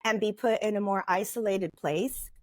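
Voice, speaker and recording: A woman in her fifties, a guest author, telling her story in a lively, casual interview with frequent "you know"s. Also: mid-range voice, moderate pace, no echo. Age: 50s.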